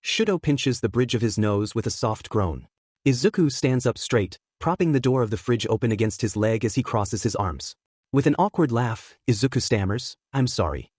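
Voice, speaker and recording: A man narrating a fan fiction story aloud in a steady, even storytelling manner. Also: mid-range voice, normal speed, no room sound, studio quality. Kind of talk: audiobook reading of fan fiction.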